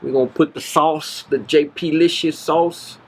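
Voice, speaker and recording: A man's voice: fairly high pitch, steady tone, a little slow, darkish tone, breathy edge. A man from Central Florida hosting his own barbecue channel, talking casually and enthusiastically while he cooks at the grill. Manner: easygoing, enthusiastic, exclaims often. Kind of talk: casual cooking vlog.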